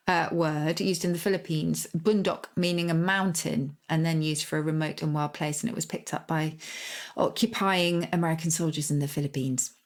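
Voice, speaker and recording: A woman with an English accent, co-hosting a podcast and chatting casually about where words come from. She often spells words out letter by letter. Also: on the low side. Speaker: podcast co-host. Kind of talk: casual chat about word origins.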